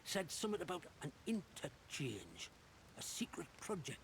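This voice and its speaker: An actor voicing a wary, chatty male survivor in a game, with a gravelly, rambling way of talking. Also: on the high side, wildly swooping pitch, normal speed, slight background noise. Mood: wary chatter. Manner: rambling, gossipy, suspicious of strangers. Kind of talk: video game dialogue.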